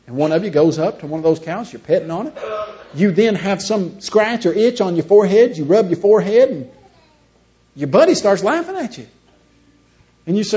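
A man's voice: sits high, animated, fairly quick, darkish tone. A man giving a seminar talk, full of rhetorical questions and acted-out dialogues. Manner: storytelling, acts out both sides of imagined dialogues. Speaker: creationist seminar speaker. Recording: dull lo-fi recording.

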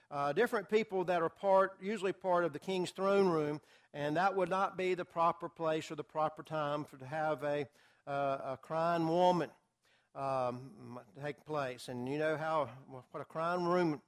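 A man teaching a Bible study class to a group, talking casually with filler words and acting out quotes. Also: on the high side. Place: classroom or church hall with a group.

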